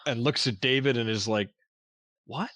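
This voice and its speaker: A man's voice: a little high, normal speed, sharp tone, no room sound, studio quality. A man narrating a tabletop game as game master, in a loose, chatty way.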